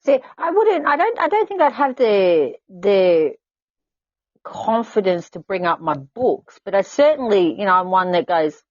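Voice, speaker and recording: An Australian woman hosting a casual chat, talkative and quick to giggle. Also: mid-range voice, big pitch swings, no room sound, highs cut off. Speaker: host.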